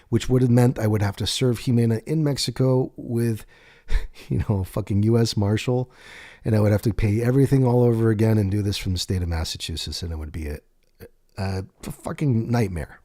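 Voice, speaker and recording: A man telling his own life story in a candid, profane way, slowing down on emphatic words. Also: fairly low pitch, mellow, no echo, studio quality. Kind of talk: personal storytelling monologue.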